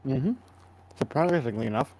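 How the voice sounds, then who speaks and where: An easygoing man with a middle-pitched voice talks through game results on a casual podcast. He hums and thinks aloud as he goes. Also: expressive, normal speed, a little mellow, slight background noise. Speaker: podcast co-host. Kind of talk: casual sports podcast chat.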